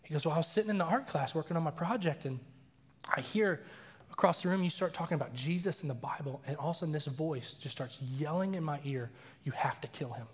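A man preaching a sermon as a story, animated and acting out the voices he quotes. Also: a little high, fast talker, husky. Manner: animated, acts out quoted voices, laughs often. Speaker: pastor. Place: church sanctuary. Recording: long reverb of a large church hall.

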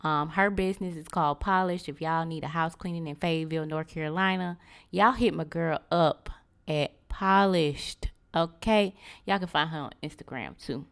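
A woman's voice: deep voice, normal speed, creaky, smooth. A woman in her late twenties hosting a casual solo podcast, chatting freely and calling her listeners y'all. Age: 20s. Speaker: podcast host.

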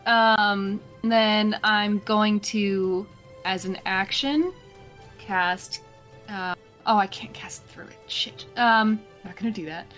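A woman playing a tabletop role-playing game, talking hesitantly and apologetically with many pauses and ums. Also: medium pitch, steady tone, a bit bright, soft background music. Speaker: player. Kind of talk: casual tabletop game play.

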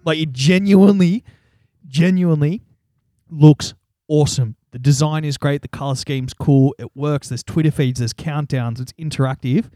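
A man's voice: on the high side, moderate pace, dark tone, no echo, clean studio sound. A man, co-hosting a podcast in casual chat and laughing often as he banters. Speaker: podcast co-host.

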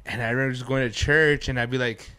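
A man's voice: medium pitch, quick pace, smooth, dry recording. A man co-hosting a podcast, telling stories in casual chat and acting out quotes, laughing often. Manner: animated storyteller, acts out quotes, laughs often. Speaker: podcast co-host.

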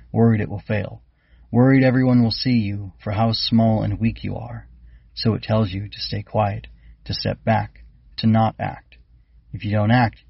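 A man's voice: lowish voice, creaky, husky, no echo, lo-fi sound. Een man speelt een wijze, gevleugelde insectenleraar met een lage, krakerige en wat hese stem, die zijn lessen afgemeten en onderwijzend brengt. De opname klinkt dof en droog, met weinig hoogte. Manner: measured, instructive. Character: wise winged bug teacher, calm. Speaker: keeper instructing cadets.

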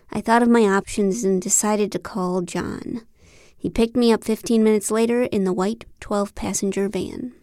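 A woman narrating a novel in the first person, with a wry, deadpan delivery. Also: medium pitch, no echo, clean studio sound. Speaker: audiobook narrator.

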